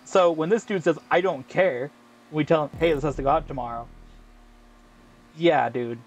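A man's voice: on the high side, moderate pace. Man telling a rambling story while gaming. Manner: profane, rambling storytelling with slang fillers. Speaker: gaming channel host. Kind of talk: casual chat while racing in a game.

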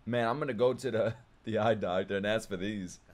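A young man reacting to an anime episode in casual, jokey commentary, swearing freely and yelling at big moments. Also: lowish voice, a little fast. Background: anime audio and music playing.

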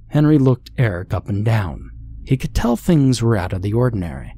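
A man narrating a scary story in a calm, measured scripted reading. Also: on the low side, breathy edge.

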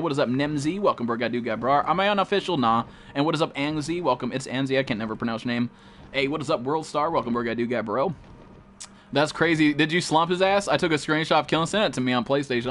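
A man's voice: mid-range voice, fairly bright tone, slight background noise. A man live-streaming a game, chatting casually and profanely with viewers and greeting them by name.

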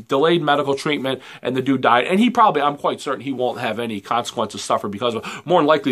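A man's voice: medium pitch, a bit bright. A man, ranting heatedly and profanely in a rambling vlog commentary. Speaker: vlogger.

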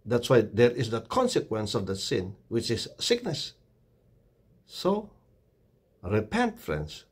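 A man's voice: lowish voice, wildly swooping pitch, slow pace, husky. A man giving a short devotional sermon, earnest and exhorting, often calling the listeners "friends". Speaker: preacher.

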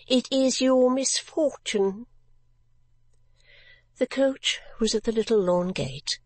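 A woman narrating a classic novel as an audiobook, in a gentle, measured storytelling manner. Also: mid-range voice, dry recording.

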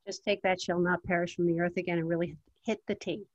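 A woman's voice: fairly low pitch, little pitch movement, fast talker, muffled recording. Encouraging female voice coach. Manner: encouraging, articulate feedback. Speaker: voice and acting coach. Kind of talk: giving vocal coaching.

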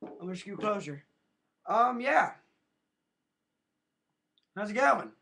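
A man's voice: sits high, big pitch swings, slow, vocal fry, pushed and bright. A man rambling in a goofy, casual way into his webcam, with silly sound effects. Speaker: webcam vlogger. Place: at home in front of a webcam. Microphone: built-in webcam mic.

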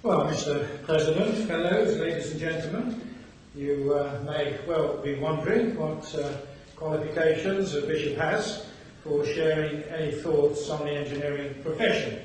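A man's voice: a little high, a little mellow, recorded from a distance, slight background noise. Older man lecturing in an echoey hall. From England, Birmingham. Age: 60s. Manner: measured, dry wit. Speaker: bishop giving an address. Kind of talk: formal after-dinner lecture. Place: large hall.

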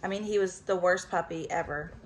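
A woman chatting casually at home about her pets, animated, slipping into baby talk with the dogs. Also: lowish voice, a little fast, a little hiss or hum, low-quality recording. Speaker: vlogger and dog owner. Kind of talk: casual chat.

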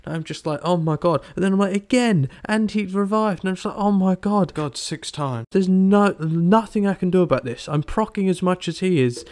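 A young man casually commentating over his gameplay, animated and exasperated, acting out his own reactions. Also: sits high, brisk, few pauses. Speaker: gaming YouTuber. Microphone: desktop mic, no camera.

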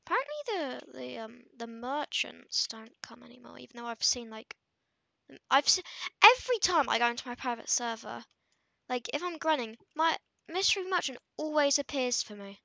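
A woman's voice: high-pitched, expressive, normal speed, gravelly, sharp tone, dry recording. A woman rambling through casual gameplay commentary for her channel, with lots of fillers and self-conscious asides. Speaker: gaming video creator.

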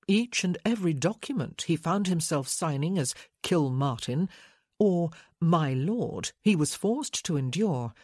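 Slow, measured audiobook narrator. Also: mid-range voice, a little mellow, no echo, clean studio sound. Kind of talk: scripted narration.

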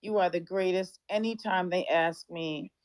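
A woman's voice: fairly low pitch, steady tone, normal speed, no room sound, poor audio. A woman singer chatting playfully with fans in an online audio room, often slipping into a sing-song voice. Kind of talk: casual online audio chat.

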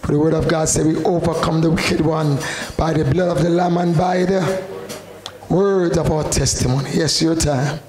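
A man leading a church service, fervently exhorting the congregation and calling people up to testify, with a gravelly voice. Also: on the high side, fairly even intonation, moderate pace. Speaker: worship leader. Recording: echoey church with loud band music.

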